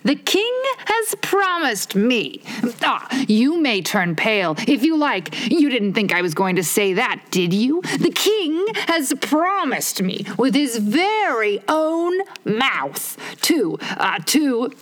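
A woman reading a storybook aloud, putting on a higher, slow, pompous voice for a touchy male egg perched on a wall. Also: sing-song. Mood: haughty. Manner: pompous, slow, drawn-out emphatic phrasing.

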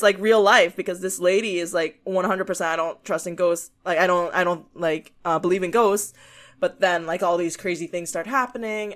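A woman co-hosts a casual podcast, chatting loosely and laughing often. Her voice sits on the lower side for a woman. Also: fairly bright tone. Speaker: podcast co-host. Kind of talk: casual chat.

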